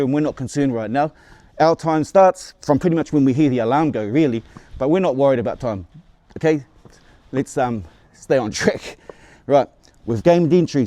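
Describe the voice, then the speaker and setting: A New man in his forties rambles through his own story for his viewers. He restarts and repeats words as he goes and swears without a second thought. His voice sits a touch high for a man, with a mellow, warm tone and a dry, close sound. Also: dry recording. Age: 40s. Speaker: vlogger. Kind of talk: casual storytelling to camera.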